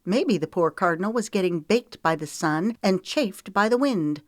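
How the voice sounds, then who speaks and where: A woman's voice: mid-range voice, expressive, normal speed, dry recording, clean studio sound, pitched above the performer's own voice, lightly acted. A woman narrator voicing a tearful, defiant young woman in an audiobook, with a pleading, emotional delivery. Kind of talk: audiobook character voice.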